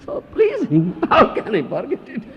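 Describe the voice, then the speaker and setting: Animated gravelly man preaching. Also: sits high, moderate pace. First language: not English. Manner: lively and teasing, acts out the attached householder, asks rhetorical questions. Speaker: spiritual teacher. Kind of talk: scripture lecture with Q&A. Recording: dull lo-fi 1992 lecture tape, faint hiss.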